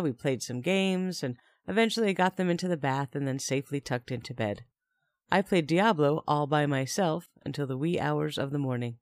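A woman's voice: low-pitched, no room sound, studio quality. A young woman narrating a first-person story in a chatty tone with wry asides.

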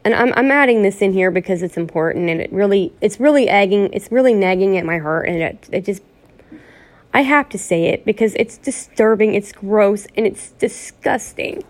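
A woman's voice: mid-range voice, moderate pace. A woman vlogger ranting in a personal vlog, pleading and upset, repeating herself and restarting her sentences. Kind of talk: emotional personal vlog rant.

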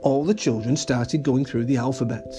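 Mellow-voiced man reading a children's story. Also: fairly even intonation, moderate pace, soft background music. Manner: gentle, switches to high voices for characters.

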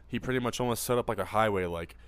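A man co-hosts a podcast, rambling through casual chat, swearing freely and acting out the voices in his stories. He talks fast in a fairly low voice, with no echo.

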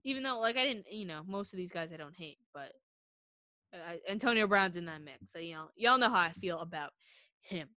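A young woman co-hosting a casual sports podcast, talking in an animated, emotional way as a frustrated fan. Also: lowish voice, brisk, no room sound, clean studio sound. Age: young adult. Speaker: podcast co-host.

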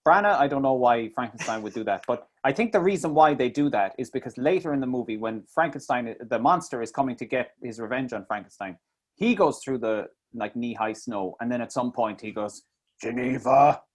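A man's voice: mid-range voice, brisk. A man in casual chat, reviewing a film with mocking asides and swearing. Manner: animated, swearing, mocking impressions. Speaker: podcast co-host.

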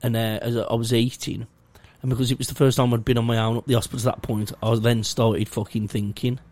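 A man's voice: medium pitch, little pitch movement, quick pace, darkish tone. A young man, rambling through a sweary, self-mocking story in casual chat. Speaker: podcast co-host.

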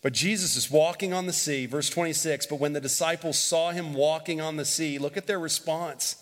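A male pastor preaching a sermon, emphatic and repetitive, swinging between loud and hushed, leading the congregation in call-and-response. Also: on the high side, steady tone, moderate pace. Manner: repeats phrases and leads the congregation in call-and-response. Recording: long hall reverb.

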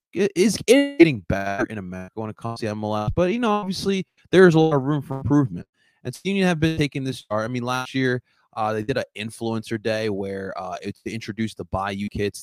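A man's voice: on the low side, no echo. A man hosting a casual soccer fan show, talking in a rambling way with many restarts. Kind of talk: casual chat commentary.

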